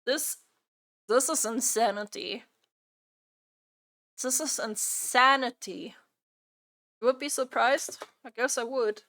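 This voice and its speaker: Exasperated woman streamer, high voice. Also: slow pace, long pauses, a bit bright. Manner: exasperated, repeats her own phrases. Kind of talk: live stream reaction chat.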